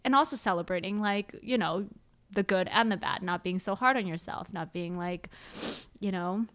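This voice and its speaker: A young woman talks through her coaching work in a loose, chatty way. Her pitch sits mid-range for a woman, and she leans on "like" and "you know" as she thinks aloud. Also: moderate pace. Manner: chatty, frequent "like" fillers, animated. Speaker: life coach guest. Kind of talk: casual interview chat.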